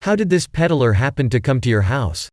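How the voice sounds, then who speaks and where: A man's voice: mid-range voice, sing-song, brisk, a little mellow, no echo, clean studio sound, lightly acted. A man reading an audiobook, voicing a clever teenage boy detective who speaks in precise, formal phrases. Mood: probing.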